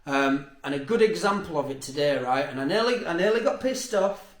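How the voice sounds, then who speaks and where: Guy moaning about his day, kinda high voice, laughs a lot, echoey room. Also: lively intonation, fairly quick. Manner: chatty storyteller, swears, laughs often, many "you know what I mean". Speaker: podcast host. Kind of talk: casual rambling monologue.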